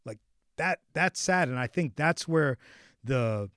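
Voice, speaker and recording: Animated, storytelling podcast host man. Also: fairly high pitch, takes it slowly, dry recording, clean studio sound. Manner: animated, repeats and restarts words, swings between hushed and loud. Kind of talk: casual storytelling chat.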